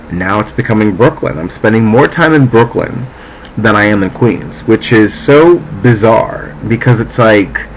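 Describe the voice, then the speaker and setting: A man's voice: lowish voice, slight background noise, rough recording. A man from New Jersey chatting casually to camera at home, meandering and swearing freely. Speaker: vlogger, psychic. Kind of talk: casual rambling chat to camera. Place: at home, indoors.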